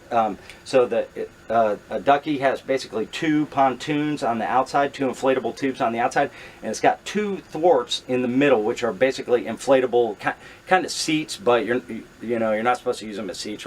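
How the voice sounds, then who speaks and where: There's a faint hiss or hum behind this middle-aged man's mid-range voice as he narrates a true story to camera. He plays out his own thoughts with animation and keeps restarting and filling pauses.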